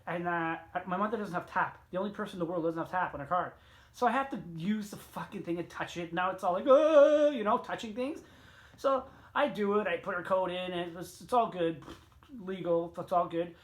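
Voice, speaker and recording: A middle-aged man vlogging a casual, rambling story, swearing often, with sudden jumps in pitch and loudness. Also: a little fast.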